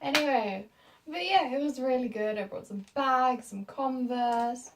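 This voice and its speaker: A woman's voice: sits high, measured pace, distant mic, low-quality recording. A British young woman in her late teens, telling a story to camera in a rambling, giggly, self-mocking way. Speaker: vlogger.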